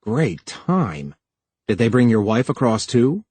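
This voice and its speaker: A man's voice: medium pitch, big pitch swings, takes it slowly, slightly rough, no room sound, heavily acted. A man reading a tense, bitter young official. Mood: stern. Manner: bitter, sharp retorts. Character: young male time official, tense and defensive.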